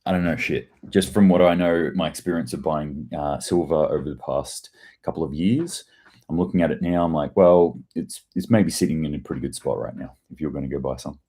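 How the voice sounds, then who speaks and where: A deep-voiced man hosts a casual daily news livestream. He reads headlines and viewer comments, then slides into profane, sarcastic rants. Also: fairly quick, warm tone. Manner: profane, ranting, sarcastic asides.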